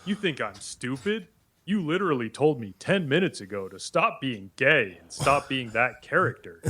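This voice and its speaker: A man's voice: mid-range voice, lively intonation, normal speed, bright, forceful tone, slightly rough. AI voice putting on a brash guy. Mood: annoyed. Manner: brash, swearing, streetwise. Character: brash, foul-mouthed Italian-American gay man. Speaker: AI voice assistant.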